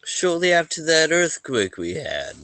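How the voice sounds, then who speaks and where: A man's voice: a little high, huge pitch swings, measured pace, pushed and bright, no room sound, pitched above the performer's own voice, heavily acted. A man voicing a humble, easygoing male merchant in a tabletop game, rambling with fillers. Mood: friendly. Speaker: game master voicing a character. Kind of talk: tabletop role-play.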